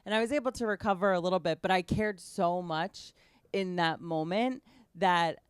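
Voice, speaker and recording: Podcast host lady, bit low voice, rambly animated storytelling, dry close recording. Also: normal speed, smooth, no room sound. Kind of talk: casual podcast conversation.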